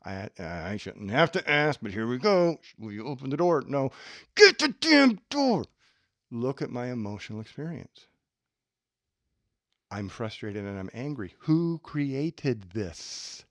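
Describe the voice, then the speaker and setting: A man's voice: medium pitch, a little slow, no room sound. A man co-hosting a self-help podcast, teaching and acting out little everyday scenes. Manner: animated, acts out little scenes. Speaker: podcast co-host.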